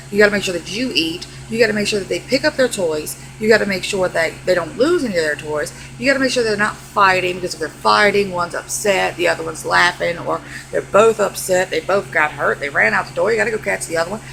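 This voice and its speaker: A woman's voice: on the low side, fast, vocal fry, hardly any pauses, slight background noise, rough recording. A young adult woman vlogger giving a sassy, exasperated comedic rant straight to camera. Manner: sassy, exasperated, animated delivery.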